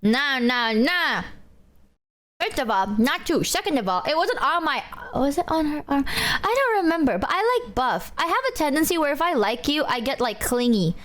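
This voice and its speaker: A woman streamer chatting casually to her viewers, animated, swearing and squealing as she reacts. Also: high-pitched, normal speed.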